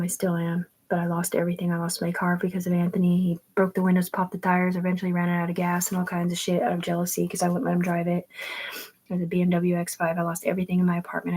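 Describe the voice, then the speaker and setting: A woman's voice: on the low side, creaky, a little mellow, husky, low-quality recording. A middle-aged woman rambling through family photos in a profane, meandering monologue. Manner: rambling and profane, jumping between topics.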